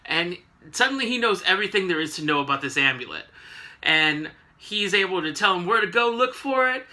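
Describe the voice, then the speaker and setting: Sarcastic man recapping comics, bright voice. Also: sits high, expressive, fairly quick. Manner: sarcastic, joking asides. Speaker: comic book reviewer.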